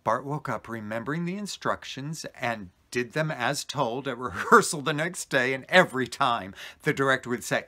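A man hosting a storytelling vlog, telling an anecdote in an expressive way with frequent laughter. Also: medium pitch, moderate pace, hardly any pauses. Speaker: storyteller host.

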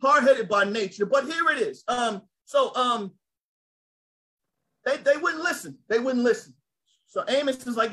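A man preaching a sermon, lively and conversational, calling out to his listeners. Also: very high-pitched, unhurried, pauses often, low-quality recording. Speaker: pastor.

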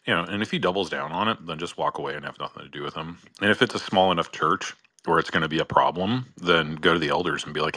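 Deep, bright-toned rambling man. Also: fast, hardly any pauses, dry recording. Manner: rambling, filler-heavy, earnest advice. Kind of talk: casual call-in discussion.

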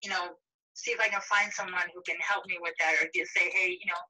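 A woman talks quickly and emphatically over a thin, bright phone line. She sounds a little distant from the mic. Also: fairly low pitch, fairly even intonation. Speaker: guest. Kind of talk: casual conversation.

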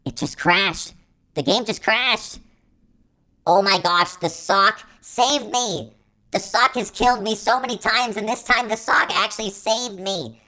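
A woman narrating her own gameplay live, and panic sends her words tumbling out in quick repeats. She plays a playful robot persona, with a voice that sits mid-range for a woman. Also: medium pitch, bright, forceful tone, poor audio. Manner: frantic, repeats words rapidly when panicking; playful robot persona, calls herself an artificial intelligence. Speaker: gaming video host.

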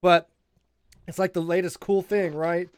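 A man's voice: high-pitched, flat delivery, a little slow, clean tone, no room sound. A man hosting a casual livestream chat, joking and teasing his guests. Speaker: livestream host.

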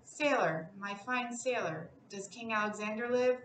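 A woman doing a slow, lilting sea Gorgon. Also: on the high side, fairly bright tone, far from the mic. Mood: severe. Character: immortal female sea Gorgon, regal and sweet-voiced. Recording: roomy, a bit off-mic.

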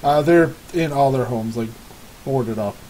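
Male game master, easygoing and giggly, mid-pitched. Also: unhurried, dark tone, a little hiss or hum, poor audio. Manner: casual, laughs often, restarts. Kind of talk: running a tabletop game.

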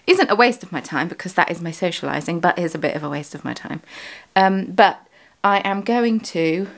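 A British woman with a medium-pitched voice and vocal fry hosts a crafting vlog as a yarn dyer and vlogger. Chatting casually from her home studio, she rambles and corrects herself, all while having the hiccups.

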